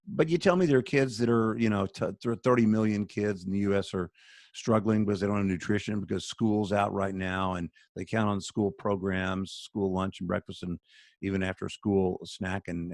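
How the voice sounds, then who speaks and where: A man's voice: sits low, steady tone, normal speed, creaky, a little mellow, no echo, studio quality. A man who speaks for a charity, talking on a video call in an earnest, sermon-like storytelling way. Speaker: charity spokesman, radio guest.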